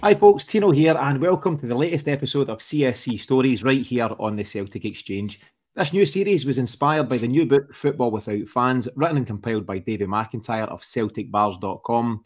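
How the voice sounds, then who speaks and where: A man's voice: mid-range voice, lively intonation, a little fast, a little mellow, faint music behind. A man hosting a podcast interview, asking friendly questions that he steers with fillers. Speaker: podcast host.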